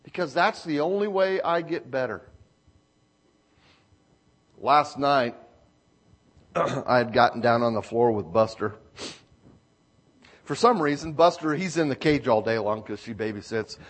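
A man preaching a sermon from a church stage, telling a homely story, acting out quotes and often clearing his throat. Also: mid-range voice, lively intonation, a little slow, pauses often. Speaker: pastor.

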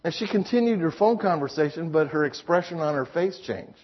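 A man's voice: a little high, expressive, brisk, breathy edge. A man preaching a sermon, telling folksy personal stories with emphatic rises in his voice. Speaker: pastor. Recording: slightly dull lo-fi sound.

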